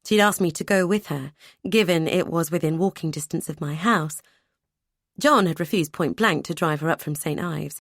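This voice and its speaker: A woman narrating a first-person audiobook in a measured way, with lively dialogue. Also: deep voice, dry recording, studio quality.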